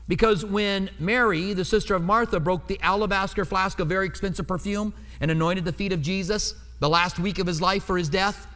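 A man with a notably high voice delivers a teaching sermon. He keeps it conversational and often checks in with the room. His words ring out with a long reverb in a church hall. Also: fairly bright tone. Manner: conversational, asks the listeners to check in. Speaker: preacher.

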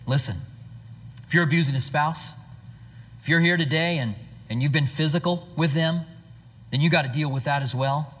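A male pastor preaching earnestly and conversationally, his high voice bright with a husky edge. The sound rings with the long reverb of a church hall. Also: normal speed, long pauses. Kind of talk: sermon. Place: church sanctuary.

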